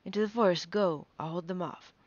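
A protective mother dragon barking urgent orders in a low, gravelly voice, voiced by a woman reading aloud. The sound is dull and lo-fi. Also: fairly quick, lightly acted. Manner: urgent commanding. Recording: dull lo-fi recording.

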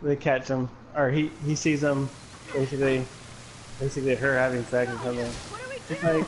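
A man playing a co-op game as a guest, animated and giggly with quick reactions. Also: medium pitch, crowd noise. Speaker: guest co-op player. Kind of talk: casual co-op gameplay chat.

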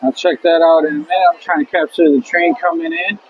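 A man filming on a handheld camera at an indoor museum exhibit, making slow, awed remarks in casual vlog chat. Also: on the high side, fairly even intonation, muffled recording, slight background noise.

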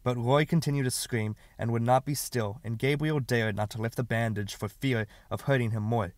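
A man narrating an audiobook in a measured, steady reading. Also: medium pitch, dry recording, studio quality. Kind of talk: scripted narration.

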